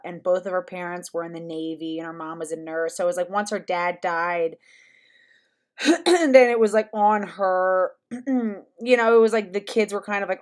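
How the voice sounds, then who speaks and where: A young woman hosting a reaction commentary, talking casually with many fillers, restarts and throat clearing. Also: mid-range voice. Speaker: commentary channel host.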